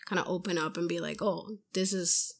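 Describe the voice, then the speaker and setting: A young adult woman podcast host in casual chat, telling stories animatedly and acting out other people's lines in a higher voice. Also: steady tone, normal speed, creaky, slightly rough.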